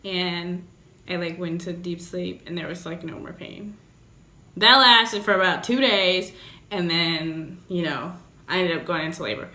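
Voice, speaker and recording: A woman's voice: on the low side, unhurried, bright, forceful tone. A young woman vlogger telling a candid story in a blunt, joking, profane way. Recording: roomy echoey room.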